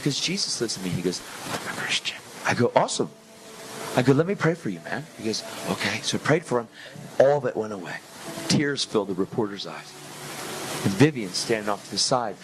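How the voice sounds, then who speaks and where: A man preaching a testimony, telling a story with animated energy and acting out the lines of the people in it. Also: lowish voice, noisy background.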